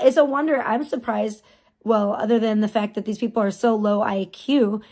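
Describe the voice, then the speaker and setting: A woman's voice: a little high, dark tone. A woman streamer giving casual, profane, mocking commentary on clips during a livestream.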